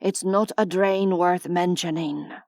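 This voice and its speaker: A woman voicing a male cyborg who speaks in a flat, mechanical way, in an audiobook. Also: lowish voice, slow pace, vocal fry, no echo, studio quality.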